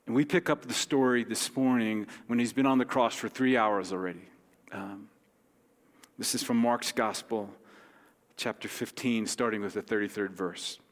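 A man, a pastor, giving a sermon in a gentle, conversational way with light humor. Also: fairly low pitch, steady tone, normal speed. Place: church sanctuary. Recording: long hall reverb.

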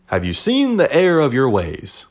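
A man's voice: medium pitch, huge pitch swings, moderate pace, voice pushed up. A man doing a blunt baseball commissioner. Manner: blunt, stiff quoting voice. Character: stern older male baseball commissioner, blunt.

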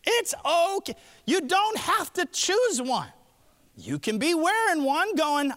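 A high-pitched man preaching a sermon with a very lively, swooping delivery. He acts out the prayers he quotes. The long reverb of a hall hangs around his voice. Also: slow pace. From Alabama. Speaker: pastor.

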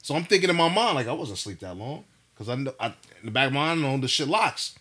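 A young man telling a story in casual chat, animated and profane, acting out what people said. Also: medium pitch, fast, slightly rough.

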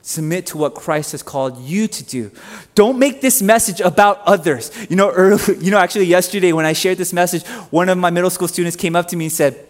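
A man's voice: high-pitched, fairly quick. A male pastor preaching a sermon and repeating his key lines for emphasis. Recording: long reverb of a church hall.

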